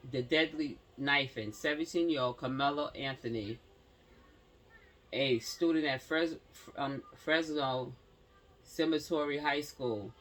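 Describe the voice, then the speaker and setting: This commentary channel host has a fairly high, slightly bright voice. He reads a news story aloud, tripping over words and stopping for slangy remarks to his viewers.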